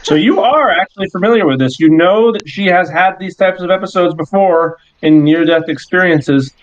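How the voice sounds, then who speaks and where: A man running a tabletop game as game master, narrating scenes slowly and descriptively with pauses. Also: high-pitched. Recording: dull lo-fi sound.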